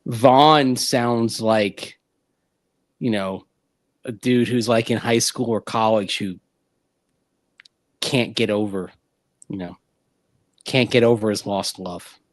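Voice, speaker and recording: A man co-hosting a sports talk radio show, talking in an animated, rambling way with frequent restarts. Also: fairly low pitch, slow pace, long pauses, dry recording.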